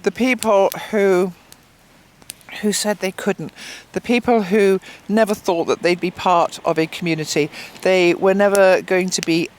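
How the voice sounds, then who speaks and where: A woman's voice: medium pitch, steady tone, measured pace, slight background noise. A woman on a beach by a fire, telling a story animatedly and acting out other people's lines. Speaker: founder of a swimming group, interviewee. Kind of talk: casual storytelling. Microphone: handheld microphone.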